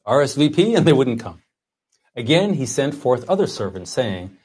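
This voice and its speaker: A man delivers a sermon in a husky, slightly breathy voice. His pitch swings widely as he preaches. He slows down to read scripture aloud with earnest weight. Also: sing-song, a little mellow. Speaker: pastor.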